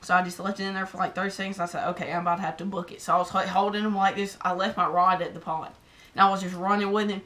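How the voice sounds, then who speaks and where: A Southern US woman vlogger recounting a story straight to camera, her words tumbling out in an excited, rambling run. Her voice sits a little low for a woman, and "like" fills nearly every phrase. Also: very fast. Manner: excited and rambling, heavy use of "like". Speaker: fishing vlogger.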